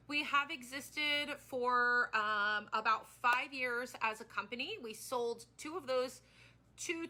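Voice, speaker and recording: Speaking from the heart to the people watching her live stream, a woman in her thirties who runs a small business often rambles and begins sentences again. She sounds very bright, with a fairly high pitch.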